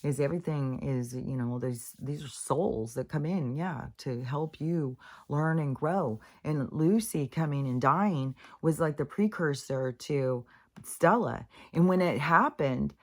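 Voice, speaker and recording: A woman's voice: sits low, measured pace. A middle-aged woman talking in a casual, meandering monologue, full of fillers, restarts and frequent swearing. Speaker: spiritual vlogger.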